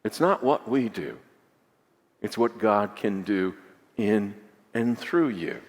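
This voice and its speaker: Slow-preaching pastor in a reverberant sanctuary. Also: male voice, big pitch swings. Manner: swings between hushed lows and rising emphatic peaks; asks the congregation to repeat lines back. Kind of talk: sermon. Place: large church sanctuary. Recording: long hall reverb.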